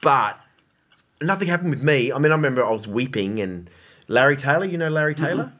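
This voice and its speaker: A man hosting a podcast in casual chat, telling stories in an animated way with quick restarts. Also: mid-range voice. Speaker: podcast host.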